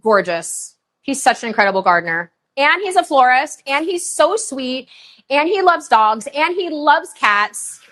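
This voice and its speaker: A middle-aged woman hosting a live online shopping show, chatting in a bubbly, gushing way and running quick countdowns between items. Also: high voice, big pitch swings, fairly bright tone.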